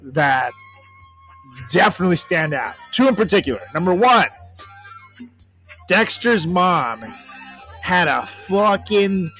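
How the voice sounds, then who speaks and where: A man's voice: sits high, lively intonation, takes it slowly, long pauses, pushed and bright, faint music behind. A man co-hosting a podcast in casual chat, crude and laughing as he tells stories. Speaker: podcast co-host.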